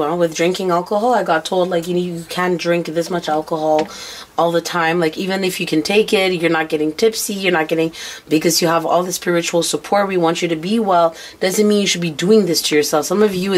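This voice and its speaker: A woman's voice: on the low side, a little hiss or hum. Blunt, swearing tarot-reading woman. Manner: blunt, swearing, talking as if relaying spirit messages. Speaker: tarot reader. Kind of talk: casual tarot reading to camera.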